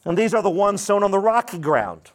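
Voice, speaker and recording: A man's voice: sits high, big pitch swings, brisk. A man preaching a sermon as pastor, emphatic and dramatic, acting out the voices he quotes.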